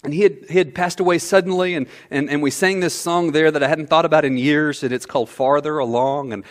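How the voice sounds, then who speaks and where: A man preaching a sermon as pastor, animated, swinging from quiet asides to loud outbursts. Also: fairly high pitch, fairly quick. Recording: long hall reverb.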